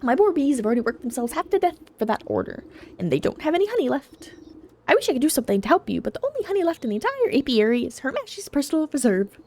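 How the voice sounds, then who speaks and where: A woman's voice: high-pitched, sing-song, fast talker, darkish tone, slight background noise, voice pushed up. A woman voicing a fawning, lovesick male beekeeper who gushes and grovels in a video game. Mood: cheery. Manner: gushing, servile.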